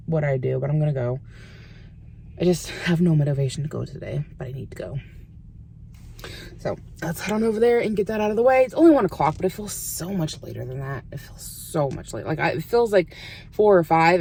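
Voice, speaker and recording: A woman's voice: on the low side, gravelly, dark tone, a little hiss or hum. A woman in her thirties chatting casually to the camera in a vlog, rambling and laughing often. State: out of breath. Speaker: vlogger.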